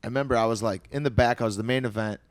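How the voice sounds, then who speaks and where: A man in his thirties spins a story over a close studio mic in a dry, dead room, his voice at an ordinary middle pitch. He talks animatedly with plenty of profanity and sometimes sinks into quiet asides. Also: rapid-fire, dry recording. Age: 30s. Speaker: podcast co-host, retired fighter. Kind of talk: casual storytelling chat.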